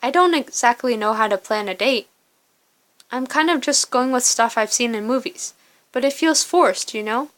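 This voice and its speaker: A nervous young man fumbles through his plans, hesitant and unsure of himself. A woman reads him in her own fairly high voice, with little change from her everyday tone. It plays out like a story game read aloud. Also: moderate pace, fairly bright tone, close to an everyday voice. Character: nervous young man planning a first date.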